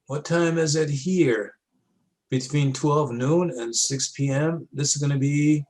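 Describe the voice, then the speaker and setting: A man's voice: on the high side, slow, a little mellow, low-quality recording. A man teaching a class, talking students through moon and sun diagrams in a casual, step-by-step way with frequent checks. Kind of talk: classroom lab walkthrough.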